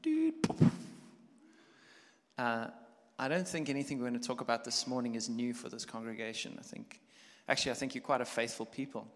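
A man preaching a sermon as a pastor, talking conversationally and building from quiet reflection to loud, animated storytelling. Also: medium pitch, a little fast. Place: church hall. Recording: long church hall reverb.

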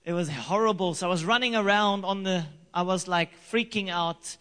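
A man preaches to his church in a high, bright register, telling a story with lively energy. He circles back to his key lines again and again for emphasis. His voice rings out in the long reverb of a hall. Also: moderate pace. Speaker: pastor. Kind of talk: sermon.

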